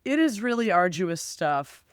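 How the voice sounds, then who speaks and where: A woman's voice: lowish voice, sing-song, measured pace, dry recording. A woman recovering from an illness, chatting casually on a podcast in a dry, sardonic way. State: sick, hoarse. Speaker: podcast guest. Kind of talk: casual chat.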